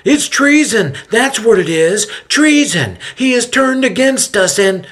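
A man voicing an outraged man with a high-pitched, nasal voice. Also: very animated, measured pace, fairly bright tone, full character voice. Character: shrill nasal man, furious.

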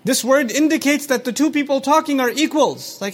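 A man lecturing on scripture, explaining words and quoting short Arabic passages, who asks his listeners questions and acts out quoted speech. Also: very high voice. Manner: recites Arabic quickly between English explanations. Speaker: Quran teacher.

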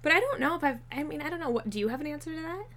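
A woman's voice: sits high, very fast. A woman co-hosting a casual podcast chat, telling stories with plenty of swearing. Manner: swears a lot, animated storytelling. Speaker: podcast co-host.

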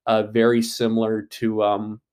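A man's voice: lowish voice, completely flat delivery, unhurried, darkish tone, clear, resonant tone. Rambling, casual man talking movies. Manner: rambling, many fillers and restarts; frank, swears casually. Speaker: movie commentator. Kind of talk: casual solo movie commentary.

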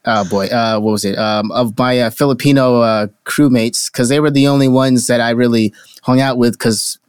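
Young male podcast co-host, loose rambling storyteller, cusses freely, average pitch, dry close recording. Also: fairly even intonation, moderate pace, clear, resonant tone, no room sound. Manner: rambling, swears a lot, acts out what people said. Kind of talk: casual chat, telling a travel story.

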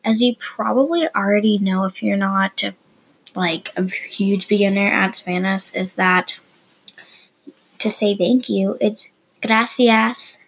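A woman hosting a podcast and teaching beginner Spanish in a chatty, explanatory way, with soft asides. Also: mid-range voice, vocal fry, husky, rough recording. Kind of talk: casual beginner language lesson.

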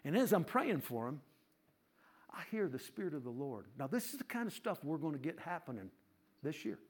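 A man with a fairly high voice tells a story from the pulpit. His delivery is conversational, with asides to the congregation. He swings from hushed to loud and animated. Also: brisk, slightly rough. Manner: animated storyteller, rising to laughing shouts. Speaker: preacher. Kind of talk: sermon testimony.

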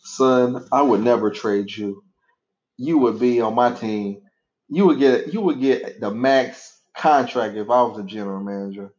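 Medium in pitch, darkish and a little slow, the voice belongs to a father who hosts a podcast with his son. He chats casually in a rambling manner and laughs easily, recorded in an echoey, dull lo-fi room.

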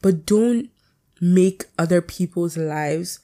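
A woman hosting her own podcast, talking fast in a candid, rambling way and swearing freely. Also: on the low side, warm tone. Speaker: podcast host. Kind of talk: casual solo podcast chat.

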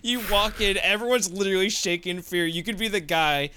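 A man's voice: high voice, fairly quick, sharp tone, clean tone. A young man rambling through a profane, joking podcast chat, acting out little skits as he goes. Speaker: podcast co-host. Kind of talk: casual chat.

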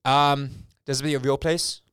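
A young man co-hosting a podcast in casual chat, joking in a deadpan, mock-serious way. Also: mid-range voice, moderate pace, clean tone, no echo, clean studio sound. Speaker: podcast co-host.

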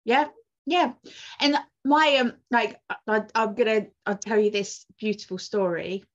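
A woman's voice: a little high, fairly even intonation, unhurried. A woman, a twin mother and doula, telling a personal story in casual conversation, emotional and full of restarts. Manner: emotional, rambling with many restarts. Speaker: podcast guest, twin mum and doula. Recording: dull lo-fi audio.

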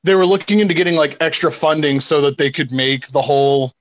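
Young male podcast host, high voice, rambling casual chat, dry lo-fi sound. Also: a little fast, no room sound. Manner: rambling, laughing, profane storytelling.

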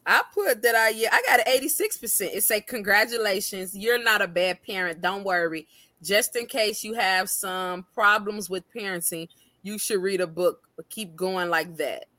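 A woman's voice: mid-range voice, normal speed, sharp tone, no echo. Laughing, slangy woman co-host. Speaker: podcast co-host. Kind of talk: casual chat.

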